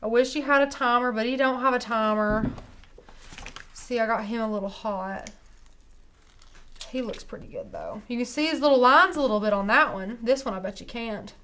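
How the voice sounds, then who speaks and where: A woman's voice: fairly high pitch, expressive, normal speed, a bit bright, slight background noise. A young woman with a Southern US accent, chatting casually and upbeat while demonstrating a craft project on a livestream. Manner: chatty, upbeat, laughs often.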